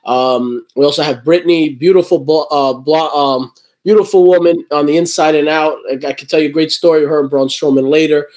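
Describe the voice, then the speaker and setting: A man with a somewhat high voice tells stories in a casual interview. He rambles, restarting sentences and leaning on fillers as he goes. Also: fairly even intonation, fairly quick, darkish tone, rough recording. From New Jersey. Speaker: guest, wrestling promotion owner.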